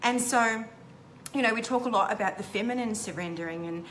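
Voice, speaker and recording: Woman telling a candid story, halting. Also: on the high side, fairly bright tone, a little hiss or hum. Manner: halting, many "um" and "like" restarts; candid and heartfelt. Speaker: intimacy coach. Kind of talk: personal storytelling to camera.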